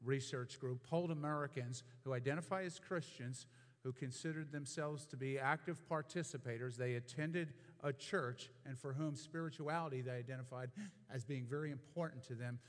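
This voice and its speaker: A man preaching a sermon as pastor, explaining a passage carefully and then building to emphatic, repeated points. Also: mid-range voice. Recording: long hall reverb.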